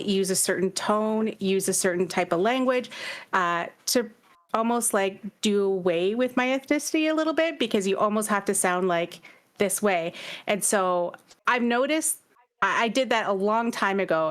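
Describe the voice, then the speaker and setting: A woman from Canada speaking in a casual panel discussion, reflective and halting, with many restarts. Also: mid-range voice, fairly bright tone.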